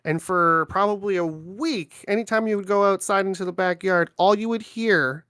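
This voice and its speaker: Dry-sounding animated woman telling stories. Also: medium pitch, moderate pace, no echo. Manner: animated, laughs often, lots of "like". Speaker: podcast host. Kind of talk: casual storytelling chat.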